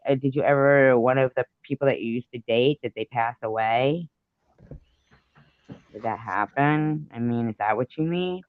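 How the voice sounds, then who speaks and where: A man's voice: medium pitch, no echo, lo-fi sound. A man hosting a live stream, rambling through a story in casual chat with lots of fillers and the odd swear word.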